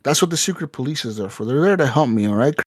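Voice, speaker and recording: A man's voice: mid-range voice, expressive, fast, husky, no room sound, studio quality. A man co-hosting a casual gaming podcast, telling a rambling, profane story with lots of fillers and acted-out quotes. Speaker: podcast co-host.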